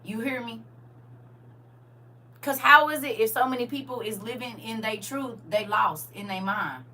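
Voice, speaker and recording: Lively, bright-voiced woman talking faith. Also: a little high, a little slow, recorded from a distance. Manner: animated, laughing often, reading comments aloud. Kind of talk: casual faith talk to viewers.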